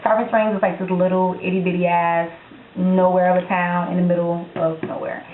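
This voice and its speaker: A woman's voice: on the low side, little pitch movement, brisk, a little hiss or hum. A young woman from Florida with a Florida accent, talking bluntly and sassily to her viewers in a casual Q&A vlog, filmed on a handheld camera at home. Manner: blunt and sassy, speaks directly to viewers. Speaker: vlogger. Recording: echoey room, tinny phone-like sound.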